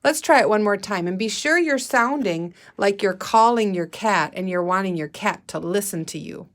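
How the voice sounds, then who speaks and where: A woman teacher leading a guided reading lesson for young children, patient and deliberate, prompting the class to say and spell words. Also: medium pitch, animated.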